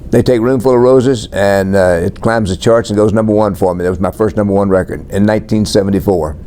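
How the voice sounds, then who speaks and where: Man, 80s, deep-ish and warm, unhurried plainspoken interviewee. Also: steady tone, slight background noise. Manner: laid-back, plainspoken, lists things matter-of-factly. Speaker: country singer being interviewed. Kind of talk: relaxed storytelling interview.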